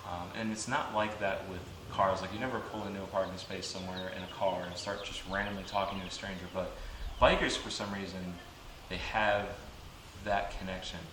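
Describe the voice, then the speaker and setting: A man from Georgia, a motovlogger, talking casually in an interview with a profane, animated ranting manner. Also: low-pitched, fairly quick. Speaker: motovlogger guest. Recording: echoey room, far from the mic, noisy.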